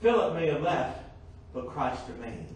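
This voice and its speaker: A man's voice: fairly high pitch, animated, normal speed, slight background noise. A man preaching a sermon to a congregation, asking rhetorical questions and slipping in joking asides. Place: church sanctuary. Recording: echoey church from far off.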